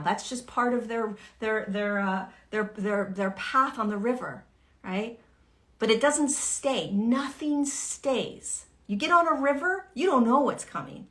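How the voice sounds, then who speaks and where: A woman's voice: on the high side, normal speed, a bit bright. A woman teaching on a livestream in a casual, earnest way. She swears freely and acts out the voices of the people in her examples. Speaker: spiritual teacher hosting a livestream.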